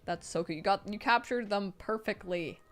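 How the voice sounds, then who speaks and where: At normal speed and medium pitch, a woman on a live stream reads out her viewers' messages. She reacts with gushing, excited praise and swears casually.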